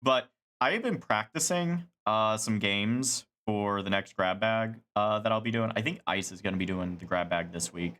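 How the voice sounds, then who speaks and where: A man chatting casually on a live stream, rambling and animated, swearing casually. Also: on the low side, moderate pace, hardly any pauses.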